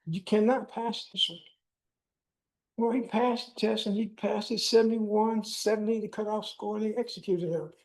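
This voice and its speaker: An older man delivers a keynote, recounting a personal testimony and acting out the dialogue himself. His voice is high-pitched and steady, at a moderate pace, and the recording quality is poor.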